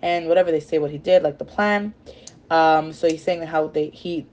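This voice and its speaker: A woman retells chapters of a novel in a loose, casual way. She rambles and keeps correcting herself. Her voice sits slightly low. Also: normal speed, darkish tone, lo-fi sound. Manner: rambling, with fillers and self-corrections. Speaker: storyteller.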